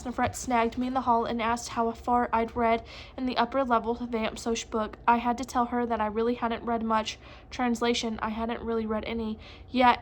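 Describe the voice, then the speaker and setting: A woman reading a first-person novel aloud in a casual, chatty tone. Her voice is fairly high and stays level, and faint hiss sits behind it. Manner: casual, conversational narration. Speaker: audiobook narrator. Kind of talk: first-person book narration.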